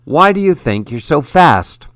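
A wise elder woman speaks slowly and firmly, with the earnest weight of someone long in charge, voiced by a man. She is weary and stern. The recording is dry and close. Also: on the high side, big pitch swings, fairly bright tone, no echo, pitched above the performer's own voice. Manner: firm and earnest.

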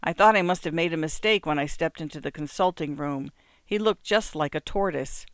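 A man reading an audiobook, voicing a cheerful, soothing older husband with a bright, lively delivery. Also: a little high, fairly quick, no echo, studio quality, natural voice. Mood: jovial. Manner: jovial, reassuring.

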